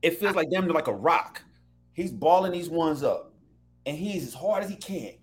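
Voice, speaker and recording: A man telling a story in casual chat, animated and profane, often laughing. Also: a little high, moderate pace.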